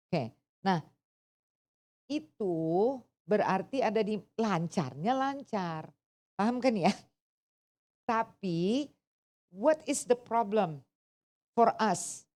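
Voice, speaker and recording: Woman teaching, mellow voice. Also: mid-range voice. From Indonesia. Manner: animated, asks the class questions, code-switching. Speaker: English test teacher. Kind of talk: interactive lesson, mixing English and Indonesian.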